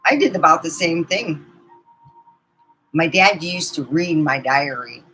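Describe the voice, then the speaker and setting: A woman's voice: low voice, lively intonation, unhurried, bright, forceful tone, a little hiss or hum, rough recording. A middle-aged woman telling rambling personal stories in a casual vlog, laughing often as she goes. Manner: rambling, chatty, laughs often mid-story. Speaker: vlogger.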